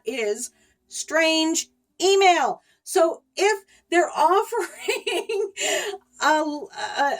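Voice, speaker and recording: Chatty middle-aged woman with a higher voice. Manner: chatty, rambling, laughs between words. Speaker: YouTuber warning viewers about scammers. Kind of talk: casual storytelling to camera.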